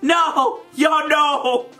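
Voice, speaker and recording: Woman, high bright voice, lively gameplay commentary, faint music behind. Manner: dramatic, squealing and laughing, talks to viewers. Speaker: gaming video creator.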